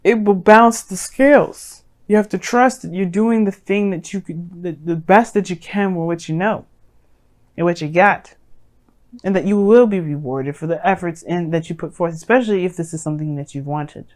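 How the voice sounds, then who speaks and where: Woman, tarot reader, slightly hoarse, chatty and sassy, rambling, lower-pitched. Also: normal speed. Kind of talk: casual tarot reading to viewers.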